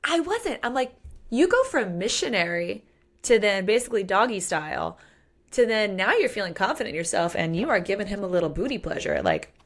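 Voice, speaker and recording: A woman's voice: medium pitch, fairly quick. A woman co-hosting a podcast, chatting candidly and animatedly about a romance novel and acting out its lines. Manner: candid, animated, acts out quotes. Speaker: podcast co-host. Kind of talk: casual book chat.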